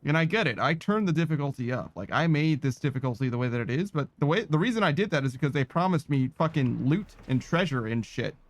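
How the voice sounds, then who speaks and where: A man's voice: a little high, lively intonation, fast, hardly any pauses. A man giving let's-play commentary in a sardonic, profane, rambling way. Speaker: gaming streamer.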